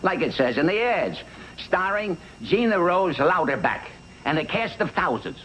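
An actor playing an older uncle who cooks for the family, trading wry, grumbling one-liners in a 1960s sitcom. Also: male voice, sits high, big pitch swings, unhurried, a bit bright, heavily acted. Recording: noisy old TV soundtrack.

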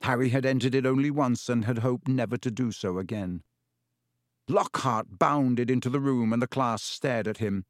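Reading an audiobook, a male narrator keeps a steady, measured storytelling delivery in a mid-range voice, captured with studio-quality audio and no echo.

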